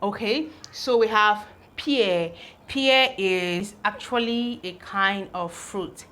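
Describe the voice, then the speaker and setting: A woman teaching pronunciation at an unhurried, careful pace. She sounds out each letter and repeats every word over and over, her pitch sitting in a middle range. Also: fairly bright tone. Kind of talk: slow, deliberate classroom teaching.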